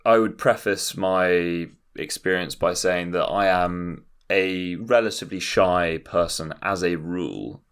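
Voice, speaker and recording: A young man from Britain co-hosts a comedy podcast. He talks in a wry, dry way and often makes fun of himself. His voice is notably low and sits deep in his chest. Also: a bit bright. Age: young adult. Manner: dry, wry and self-deprecating. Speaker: podcast co-host. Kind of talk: casual comedic chat.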